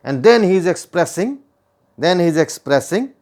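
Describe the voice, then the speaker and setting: A man's voice: high voice, lively intonation, moderate pace, darkish tone. A man with an Indian English accent, teaching a poem line by line, repeating and rephrasing his points and putting questions to the listener.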